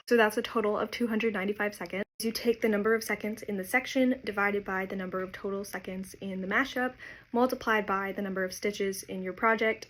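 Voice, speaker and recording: A woman's voice: mid-range voice, fairly bright tone. A woman vlogging as she crochets, chatting casually and explaining step by step how she works out her stitch counts.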